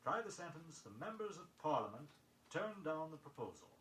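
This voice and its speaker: A man reading a scripted pronunciation lesson, measured and precise, spelling words letter by letter on an old record. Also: fairly high pitch, big pitch swings, fairly bright tone. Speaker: vocabulary record instructor. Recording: echoey vintage vinyl recording with faint noise.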